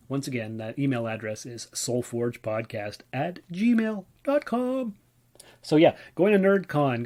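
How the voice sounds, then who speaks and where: A man's voice: mid-range voice, darkish tone. A man from Ontario, Canada, tired and yawning, talking through a casual solo podcast in a chatty, rambling way full of fillers. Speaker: podcast host.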